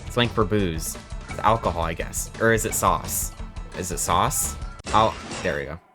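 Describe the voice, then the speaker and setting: A young man in his twenties streaming a trivia game, thinking aloud and reacting in excited bursts. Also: sits low, unhurried, over music. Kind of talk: live-stream gameplay commentary.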